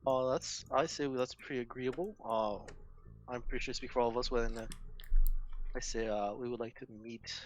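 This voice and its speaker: A man's voice: mid-range voice, steady tone, normal speed, a little hiss or hum. A man playing in character at a tabletop game, speaking politely and hesitantly. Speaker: player. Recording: dull lo-fi sound.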